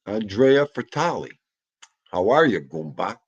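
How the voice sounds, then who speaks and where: A man in his fifties with a husky, somewhat low voice. He chats casually in a rambling, jokey way and talks to his dog. The recording sounds a little dull and muffled. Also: sing-song, measured pace. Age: 50s. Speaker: vlogger. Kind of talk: casual chat.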